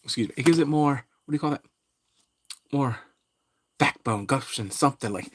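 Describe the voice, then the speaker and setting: A man's voice: medium pitch, normal speed, pauses often, fairly bright tone, husky. A man talking casually about a TV show as a playful, jokey pop culture vlogger. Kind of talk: casual commentary.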